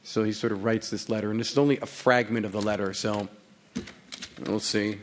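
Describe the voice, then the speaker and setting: A man with a lowish, level voice speaks briskly over a faint hiss or hum. He's an author on stage, bantering casually with a live audience before his reading, joking profanely and teasing the crowd.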